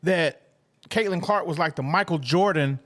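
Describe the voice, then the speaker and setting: A man with a high voice talks sports in easygoing podcast banter. He restarts his sentences often and gets animated when he mimics online trolls. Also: normal speed. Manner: animated, restarts a lot, mock-quotes trolls. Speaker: podcast co-host. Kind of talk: casual sports chat.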